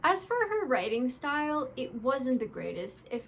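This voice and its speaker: A woman's voice: high-pitched, very animated, moderate pace, a bit bright, slight background noise. A young woman giving a casual, blunt book review, sarcastic and full of swearing and "like" fillers, acting out characters' lines as she retells scenes. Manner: mimics characters' voices when retelling scenes.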